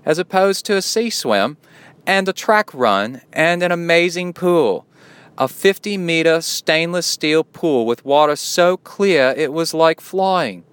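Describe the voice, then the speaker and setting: A man trying out a British accent that keeps slipping, his voice jumping far up from its usual register, as he reads an email aloud. Each phrase is slow and stretched. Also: a little high, expressive, a bit bright, smooth, no echo, voice pushed up. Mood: playful.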